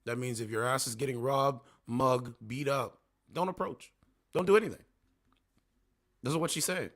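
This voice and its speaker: This Canadian man hosts a laid-back livestream, addressing chat as he responds to clips with mocking incredulity. His mid-range voice moves at a moderate pace and sounds fairly bright.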